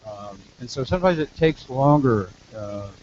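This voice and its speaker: A man's voice: medium pitch, expressive, moderate pace, a little mellow, a little hiss or hum. Man coaching singers, muffled sound. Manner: explains with sung examples, repeats words. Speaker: vocal coach. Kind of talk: teaching demonstration.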